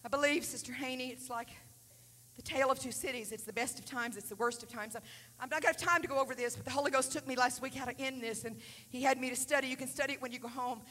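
A woman preacher with a high, bright voice, swinging between hushed whispered storytelling and loud, shouted Pentecostal preaching. She was recorded live in a church, and long reverb trails off behind her. A faint hum sits under the sound. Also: fairly even intonation, quick pace. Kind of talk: Pentecostal sermon. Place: church sanctuary.

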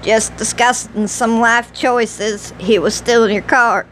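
A woman reader voicing a calm, kindly, gently wry older man in an audiobook. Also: a little high, slow, a little hiss or hum, low-quality recording.

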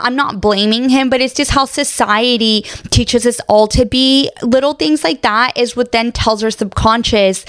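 A woman hosting a casual solo podcast, telling stories in a candid, expressive way and swearing often. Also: fairly high pitch, measured pace, clean tone, dry recording, studio quality. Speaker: podcast host.

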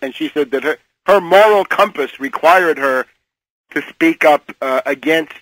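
A man's voice: a little high, measured pace, a bit bright, no room sound, rough recording. An older man speaking as a guest commentator in a radio interview, often hesitating and repeating words as he makes pointed criticisms.

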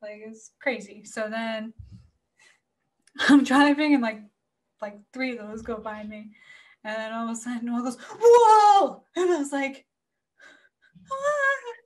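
Florida woman telling a wild story on a podcast, kinda high voice, says like a lot, swears. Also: moderate pace, pauses often. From Florida, USA. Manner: animated, heavy use of "like", swears freely. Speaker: podcast guest. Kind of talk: casual storytelling chat.

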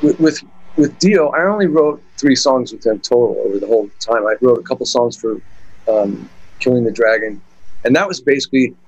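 Animated and fairly quick, a middle-aged guitarist spins rambling stories in a casual interview, full of fillers and restarts. His voice is medium-pitched, and the audio sounds dull.

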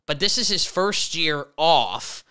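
A man's voice: on the high side, expressive, takes it slowly, sharp tone, smooth. A man co-hosting a podcast in casual chat, wry and asking questions. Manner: wry, introduces guests, asks questions. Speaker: podcast co-host.

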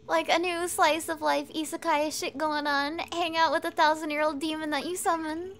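A woman's voice: high voice, a bit bright, slight background noise. A woman streaming a video game, chatting casually with her viewers, swearing and laughing often. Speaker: VTuber streamer. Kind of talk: casual gameplay commentary.

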